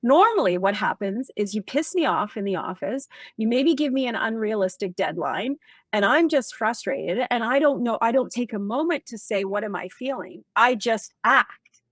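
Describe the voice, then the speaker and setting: Animated woman with a dry close sound. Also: fairly high pitch, moderate pace, no room sound. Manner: animated, emphatic storyteller acting out office dialogue. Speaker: guest leadership expert. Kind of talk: casual interview talk.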